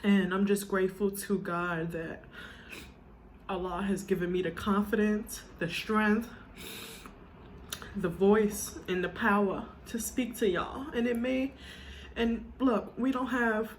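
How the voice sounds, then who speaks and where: A woman's voice: medium pitch, fairly even intonation, slow, slight background noise. A woman vlogger talking to her viewers in a heartfelt, casual way, earnest and emotional, with a lot of "you know", now and then tearful. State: tearful at times.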